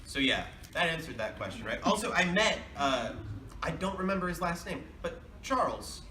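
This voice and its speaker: On a convention panel in a big hall, a voice actor fields fan questions in a rambling, talkative style, laughing often. He sounds fairly high-pitched, very animated and sharp, speaking at normal speed. A distant mic picks him up in a noisy, echoing space.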